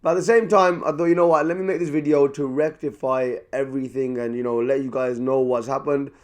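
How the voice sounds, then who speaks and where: This young man has a mid-range voice and talks fairly quickly, addressing the camera over a meal at an indoor table. Chatty and animated, he circles back to the same points and gets less talkative after he begins eating.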